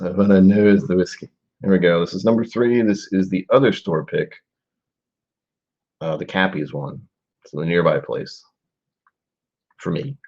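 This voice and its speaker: A man in his forties with a low, husky voice chats casually during a live-stream whiskey tasting, musing aloud and drifting into trailing asides. The stream's audio sounds dull and lo-fi.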